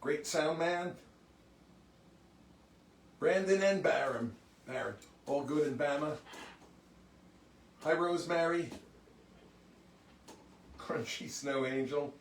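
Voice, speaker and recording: A man's voice: on the high side, slow pace, gravelly, pauses often, recorded from a distance, a little hiss or hum. A man hosting a music livestream, chatting casually and greeting viewers one by one by name. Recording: roomy sound from off mic.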